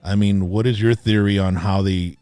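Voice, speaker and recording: A man's voice: on the low side, steady tone, moderate pace, dark tone, clean tone, no room sound, faint music behind. A man hosting a podcast, asking questions in a laid-back, blunt, conversational way. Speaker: podcast host. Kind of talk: casual interview questions.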